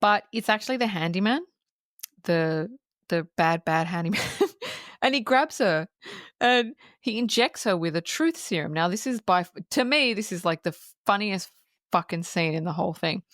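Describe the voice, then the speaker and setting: Swearing, lively woman recapping a film. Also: lowish voice, normal speed, no echo, clean studio sound. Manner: animated storyteller who acts out quotes and swears freely. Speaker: podcast co-host.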